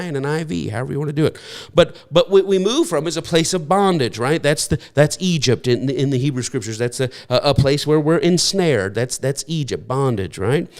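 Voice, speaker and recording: A man's voice: medium pitch, clean tone. A middle-aged man preaching a sermon in an earnest, repetitive way, often stammering and restarting his phrases. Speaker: pastor.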